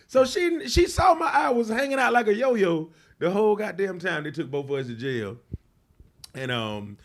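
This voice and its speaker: A man with a slightly raised voice spins a crude, slangy story for an interviewer, cursing freely and stumbling through fillers. He grows loud and animated when he reenacts the action. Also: high-pitched, moderate pace, vocal fry. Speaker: interview guest. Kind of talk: telling a personal story.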